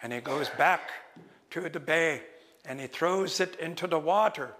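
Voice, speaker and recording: A man telling a traditional story live in a lecture hall, slow and expressive, acting out each character. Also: a little high. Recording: long reverb of a lecture hall.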